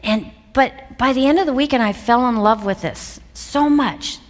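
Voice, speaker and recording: A woman telling a personal story to an audience, lively and acting out the voices of others. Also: on the high side, normal speed. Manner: lively storytelling, acts out voices, laughs often. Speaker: speaker telling her career story. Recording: long hall reverb.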